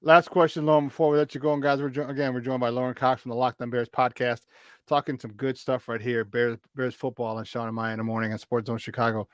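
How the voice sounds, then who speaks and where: A man hosting a casual sports talk show, telling stories in an excitable, animated way. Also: mid-range voice, quick pace, dry recording. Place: remote virtual studio.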